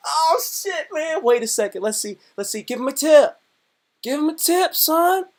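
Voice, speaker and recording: A man putting on the voices of rowdy, excited young male roommates who shout slang at each other. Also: extremely high pitch, moderate pace, pitched above the performer's own voice. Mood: hyped.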